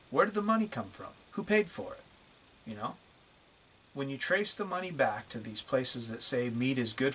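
A man's voice: medium pitch, bright, forceful tone, slight background noise. A man ranting bluntly to the camera in a profane, repetitive video monologue. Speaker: vlogger.

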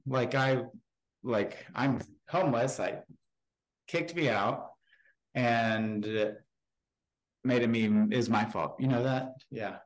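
A man in his thirties, a podcast guest, frankly telling a personal story in a halting way with many restarts. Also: medium pitch, poor audio. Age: 30s.

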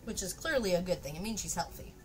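A woman's voice: on the low side, very animated, normal speed, darkish tone, faint music behind. A woman chatting casually to her viewers during a live craft stream, laughing often and swearing now and then.

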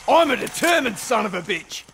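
An actor playing a brash, foul-mouthed soldier who throws swaggering taunts in video game combat voice lines. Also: male voice, very high-pitched, very animated, normal speed, gravelly, loud music behind the voice, full character voice. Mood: cocky. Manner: taunting, swaggering trash talk. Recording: loud gunfire behind the voice.

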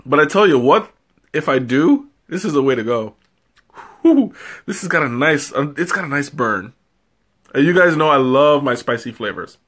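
Guy on a tea livestream, kinda high voice, giggly and rambly, nose running from the spice. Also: expressive, moderate pace, a bit bright, slightly rough. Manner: giggly, rambling and self-mocking. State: runny nose from spicy tea. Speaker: live-stream tea taster. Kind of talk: casual live-stream chat.

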